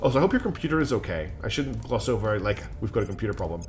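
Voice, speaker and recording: Rapid-fire and very animated, a man with a fairly low, darkish voice gives casual commentary on a strategy game he's streaming. He's clearly exhausted, rambling with lots of fillers and self-mocking asides.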